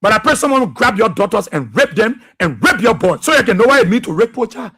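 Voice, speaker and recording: A man's voice: sits high, sing-song, fast talker, fairly bright tone, husky. A man with a Liberian English accent, hosting a talk radio show and delivering fiery, repetitive political commentary.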